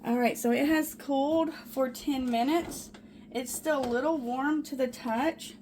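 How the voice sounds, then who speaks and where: A woman's voice: sits high, a little slow, a little hiss or hum. A woman chatting to viewers while baking in her small home kitchen. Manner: chatty, easily excited, talks to viewers as "guys". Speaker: home cooking vlogger. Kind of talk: casual cooking demonstration.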